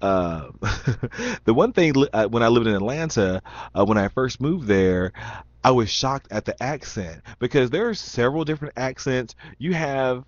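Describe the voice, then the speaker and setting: A man's voice: mid-range voice, very animated, normal speed, dry recording. A young man with a slight Southern Indiana accent, chatting casually and rambling as he reads questions aloud, with many ums and restarts. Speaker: vlogger. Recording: dull lo-fi sound, dry.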